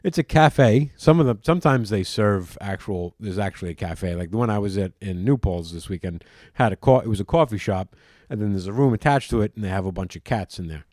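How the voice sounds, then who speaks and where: A man's voice: lowish voice, expressive, a little fast, few pauses, darkish tone, no room sound, clean studio sound. A man with a Long Island accent, rambling loosely as a podcast co-host in casual chat. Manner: chatty, rambling with restarts.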